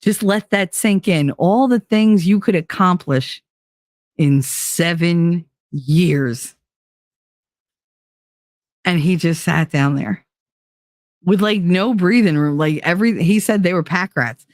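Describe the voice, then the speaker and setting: A woman's voice: on the low side, normal speed, a little mellow, no room sound, studio quality. A woman host telling a story in a casual monologue, blunt and profane, with lots of "like". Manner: blunt and profane, heavy use of "like". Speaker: podcast host.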